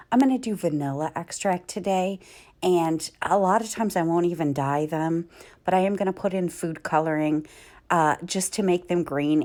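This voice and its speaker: A woman vlogger and mom, telling stories in a casual, chatty way while doing chores in her home kitchen, often laughing mid-sentence. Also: lowish voice.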